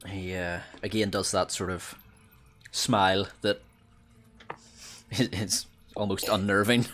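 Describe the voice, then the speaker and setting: Northern Irish game master, deepish voice. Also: male voice, steady tone, slow pace, a bit bright, a little hiss or hum. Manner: hesitant, many uhs, breaks into laughter. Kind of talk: narrating a tabletop game.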